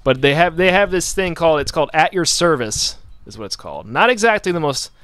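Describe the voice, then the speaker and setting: A man hosts a laid-back radio show, rambling and joking and restarting his sentences. His voice is smooth and clear, and the sound is close and dry. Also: fairly high pitch, expressive, fairly quick, a bit bright, no room sound. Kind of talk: casual chat.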